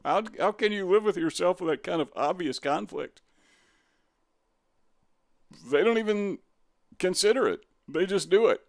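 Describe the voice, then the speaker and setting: A man's voice: high voice, expressive, unhurried, vocal fry, pauses often, dry recording, studio quality. A man reading from a web page and commenting on it, sarcastic and combative, firing off rhetorical questions.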